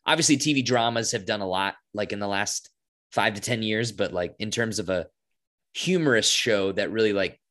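A man's voice: on the low side, normal speed, a bit bright. A young man co-hosting a podcast, chatting casually and enthusiastically with lots of fillers. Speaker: podcast co-host. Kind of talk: casual chat.

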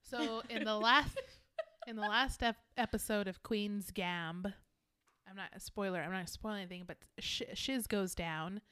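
A woman co-hosting a casual chat, telling an animated story and swearing freely. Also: mid-range voice, measured pace, clear, resonant tone. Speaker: podcast co-host.

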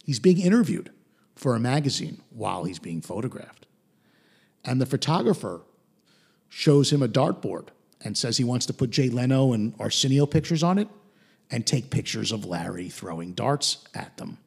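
Male podcast host, gravelly and husky, lively recap delivery. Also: medium pitch, normal speed. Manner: animated retelling with put-on quote voices. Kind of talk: episode recap.

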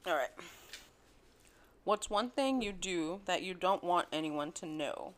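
A young woman chatting casually as a podcast co-host, telling profane stories with lively quoted voices. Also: on the low side, measured pace. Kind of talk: casual chat.

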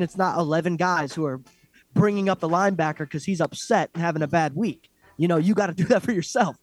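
A man co-hosting a casual fight recap chat, ranting bluntly and swearing a lot. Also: sits high. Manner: blunt, profane, animated ranting. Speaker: podcast co-host.

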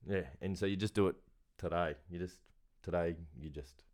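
Deep-voiced man, chatty cohost. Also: fairly even intonation, darkish tone. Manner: chatty, quick banter, laughs. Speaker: podcast co-host and junior sports coach. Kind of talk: casual chat.

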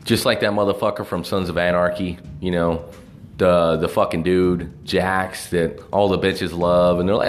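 A man's voice: low voice, level tone, moderate pace. A man ranting casually about movies, profane and rambling, with lots of fillers and restarts. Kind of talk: casual movie review rant.

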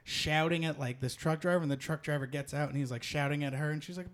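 Animated, cursing man telling stories. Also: fairly high pitch, fast talker, hardly any pauses. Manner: animated, profane storyteller. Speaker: podcast host. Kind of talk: casual chat.

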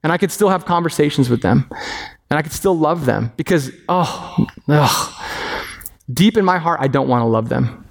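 A man preaching a sermon as pastor, animated and acting out the voices of others. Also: on the high side, moderate pace, gravelly. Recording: long reverb of a hall.

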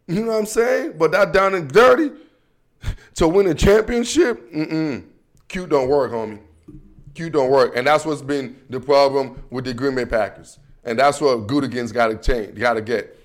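A man with a notably high voice rants about his team as the host of his own show. His delivery is loose and full of slang, emphatic, and now and then he breaks into shouting. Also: moderate pace. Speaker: sports commentary host. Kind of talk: casual sports rant.

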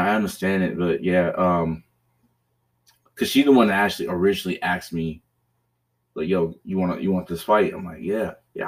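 A man hosting a podcast, telling a story in casual chat, profane and rambling, with restarts and bursts of laughter. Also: deep voice. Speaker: podcast host.

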